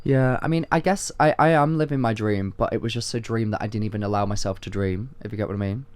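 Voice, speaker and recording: A young man tells a story on a casual podcast, full of fillers and quick asides. His voice is smooth and clear, recorded close and dry with almost no room sound. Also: lowish voice, no room sound. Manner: animated storytelling, lots of "like". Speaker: podcast co-host. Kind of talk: casual chat.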